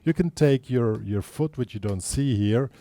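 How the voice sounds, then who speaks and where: A man's voice: mid-range voice, moderate pace, dark tone, dry recording. A man teaching a guitar lesson, explaining patiently step by step and counting beats aloud.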